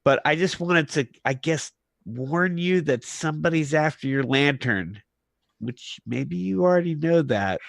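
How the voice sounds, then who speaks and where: A man playing a tabletop role-playing game, talking in a halting way with many fillers and restarts. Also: fairly high pitch, lively intonation, vocal fry, dry recording. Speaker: player. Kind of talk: in-character tabletop role-play.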